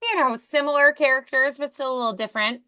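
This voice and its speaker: Give me a woman voice acting coach with a bright, forward tone, talking casually and encouragingly. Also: high voice, quick pace. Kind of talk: voice acting lesson.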